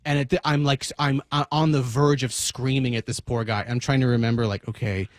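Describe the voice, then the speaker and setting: A man's voice: mid-range voice, brisk, no echo, clean studio sound. A man co-hosting a talk radio show, telling a self-mocking comic story and acting out both sides of the conversation. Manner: animated, self-mocking, acts out dialogue. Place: radio studio. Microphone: studio microphone.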